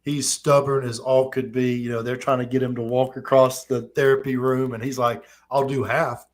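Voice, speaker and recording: A man in his thirties hosting a live-streamed talk, telling stories in quick animated bursts. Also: medium pitch. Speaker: host. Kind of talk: casual live-stream chat.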